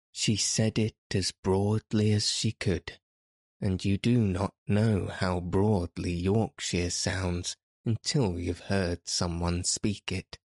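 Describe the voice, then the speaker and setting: Slow, deep-voiced male storyteller. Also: steady tone, darkish tone, dry recording, studio quality. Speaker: audiobook narrator. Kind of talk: scripted narration.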